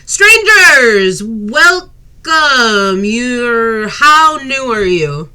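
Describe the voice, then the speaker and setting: A woman voicing a burly, bossy mother who shouts orders. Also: on the high side, very animated, very slow, clean tone, pitched above the performer's own voice, exaggerated voice. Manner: shouting, commanding.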